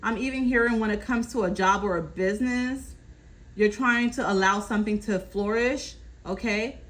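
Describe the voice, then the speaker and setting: A woman doing a casual tarot reading, calmly relaying messages from spirit and often checking in with her listener. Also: mid-range voice, normal speed, poor audio. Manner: reassuring, keeps checking in with "okay?". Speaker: tarot reader.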